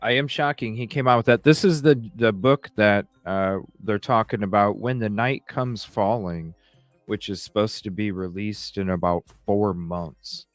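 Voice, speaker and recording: A man's voice: fairly low pitch, measured pace, no room sound, faint music behind. A man hosting a podcast, talking in an easygoing, rambling way in casual discussion. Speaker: podcast host.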